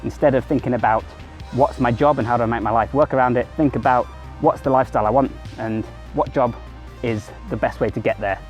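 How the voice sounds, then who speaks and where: Fast-talking man vlogging. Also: medium pitch, steady tone, a little mellow, faint music behind. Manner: rambling, conversational, corrects himself mid-sentence. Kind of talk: casual self-help monologue to camera.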